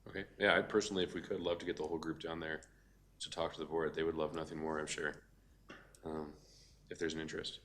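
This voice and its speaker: A man with a very low, flat voice speaks quickly. He is a mayor chairing a council meeting, asking questions and thinking aloud between fillers.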